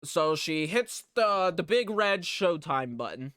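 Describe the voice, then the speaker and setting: Slow, smooth-voiced man recapping a film. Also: a little high, animated, a bit bright, no room sound, clean studio sound. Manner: rambling, profane, filler-heavy. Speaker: movie reviewer. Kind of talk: casual movie plot recap.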